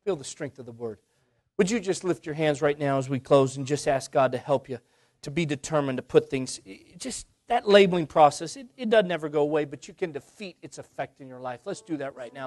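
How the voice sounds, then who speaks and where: Man, preacher, high-pitched, fervent, dry recording. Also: expressive, a little fast, a little mellow, no room sound, faint music behind. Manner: fervent, repeats words, voice rises and drops sharply. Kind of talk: sermon.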